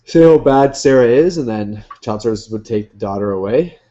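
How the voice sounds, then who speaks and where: A man's voice: medium pitch, lively intonation, moderate pace, mellow. A man co-hosting a podcast, chatting casually and speculating with a joking tone. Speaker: podcast co-host. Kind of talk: casual recap chat. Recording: dull lo-fi sound.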